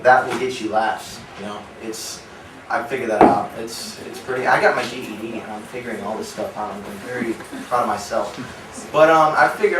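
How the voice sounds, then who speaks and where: A man's voice: mid-range voice, fairly bright tone, a little hiss or hum. A young man in his early twenties performing a stand-up comedy set, telling rambling, offhand stories. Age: young adult. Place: small comedy theater. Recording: roomy live club sound from a distance.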